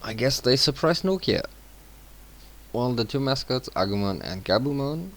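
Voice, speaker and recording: A woman's voice: very deep voice, expressive, moderate pace. A woman giving casual commentary over a video game, reading its dialogue aloud and remarking on it. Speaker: let's play gamer. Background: loud game music.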